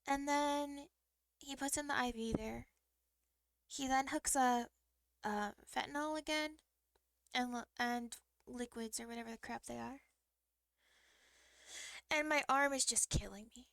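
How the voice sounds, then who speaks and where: A young woman streamer telling a long story in a rambling, halting way, often restarting her sentences. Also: a little high, creaky, dry recording. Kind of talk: casual storytelling to a live stream.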